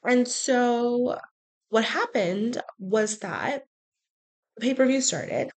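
A woman's voice: on the high side, slow. Frank woman telling a story. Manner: frank, animated, sarcastic asides. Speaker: podcast host. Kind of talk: casual storytelling monologue.

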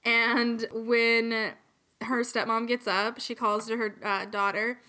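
A woman's voice: fairly high pitch, flat delivery, slow pace, sharp tone. A young woman casually retelling a fairy tale on a podcast, chatty and giggly, swearing and acting out the voices. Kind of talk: casual chat storytelling.

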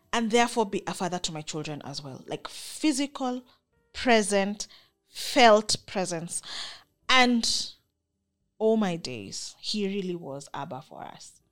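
A young woman with a Kenyan accent and a mid-range voice delivers an earnest, emphatic personal monologue as a vlogger. Her words are filled with faith.

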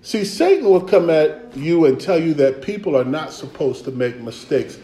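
Call-and-response preacher in an echoey hall. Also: male voice, fairly high pitch, sing-song, normal speed, mellow. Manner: conversational, rhythmic, calls for responses. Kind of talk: sermon. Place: church sanctuary.

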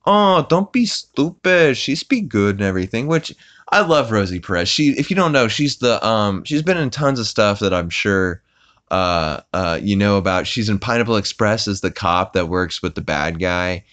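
A man's voice: lowish voice, expressive, moderate pace, fairly bright tone, no room sound. A man hosting a podcast, casually recapping an episode with rambling asides and lots of fillers. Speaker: podcast host.

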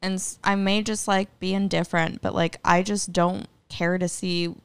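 A woman's voice: lowish voice, flat delivery, normal speed, clear, resonant tone, no echo. A young woman, chatting bluntly and swearing freely. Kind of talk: casual chat.

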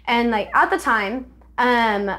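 A woman's voice: on the high side, takes it slowly, sharp tone. Chatty young woman, filler-heavy storytelling. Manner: candid storytelling, heavy use of "like". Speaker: podcast guest. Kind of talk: casual podcast conversation.

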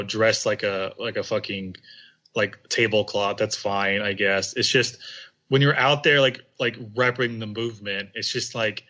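Bright-voiced rambling young man. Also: mid-range voice. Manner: rambling, heavy on filler "like", profane. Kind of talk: casual political chat.

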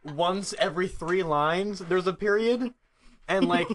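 A man's voice: sits high, unhurried, a loud crowd. A man co-hosting a comedy podcast, making dry, wry comments in casual banter.

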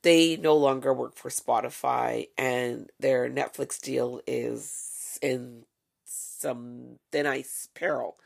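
A woman's voice: rumbling low, steady tone, takes it slowly, vocal fry. A woman hosting a casual solo podcast, delivering sarcastic, profane, gossipy commentary. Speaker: podcast host.

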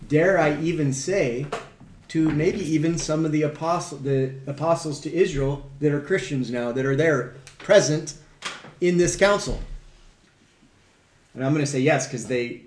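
A man's voice: a little high, measured pace, darkish tone. A man teaching a conversational Bible study, reading verses aloud and asking the group questions with emphasis. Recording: echoey room with faint background hum.

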